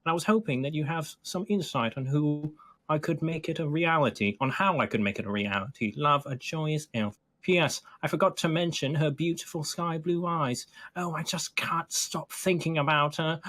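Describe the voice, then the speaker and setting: A man's voice: fairly high pitch, normal speed, fairly bright tone. A man voicing a lovestruck young male elf, reading his letter in a dreamy, gushing way.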